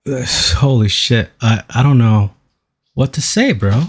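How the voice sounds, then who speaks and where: A man streaming a reaction to a video, excitable and profane as he hypes up the clip he is playing. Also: medium pitch, measured pace, husky. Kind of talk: live-stream reaction commentary.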